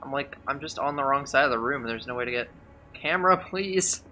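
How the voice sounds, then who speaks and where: A man's voice: medium pitch, fairly even intonation, very fast, sharp tone, soft background music. Sarcastic, chatty male speedrunner. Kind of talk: casual gameplay commentary.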